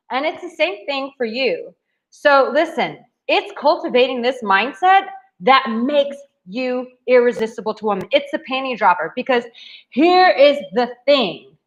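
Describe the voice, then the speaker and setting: A woman dating coach giving blunt, profane advice to camera in a brash, emphatic way. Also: high-pitched.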